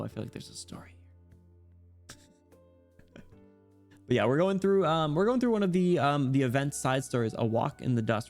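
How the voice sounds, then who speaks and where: A man chatting casually with his stream viewers, playful and quick to laugh, with soft music behind. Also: medium pitch, vocal fry.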